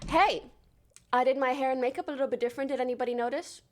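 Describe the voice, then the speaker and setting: A bubbly, talkative woman in her twenties chats casually on a livestream, rattling off viewers' names quickly to thank them. Her voice is high, and there's a faint hiss or hum in the audio.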